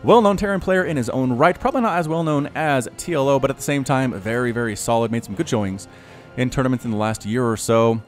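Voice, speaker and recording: A man casting a strategy game, excitable and quick to shout at big plays. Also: medium pitch, soft background music. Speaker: game caster. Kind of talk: live strategy game commentary.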